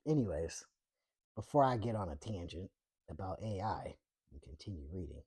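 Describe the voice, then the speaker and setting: A woman's voice: extremely low pitch, expressive, normal speed, mellow, husky. A woman host reading a book chapter aloud, breaking off for irreverent, profane asides.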